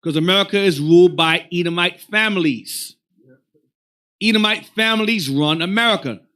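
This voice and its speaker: High, bright-voiced man directing a reading. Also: moderate pace. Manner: animated, rambling, directs the reader. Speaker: religious class teacher. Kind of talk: casual teaching talk.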